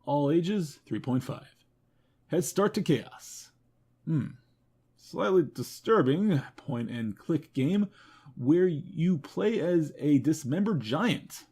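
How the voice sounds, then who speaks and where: A man hosting a game news show, running through a list of games with quick wry comments and self-mocking asides. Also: fairly high pitch, expressive, dark tone, husky. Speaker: host. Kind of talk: rapid game review roundup.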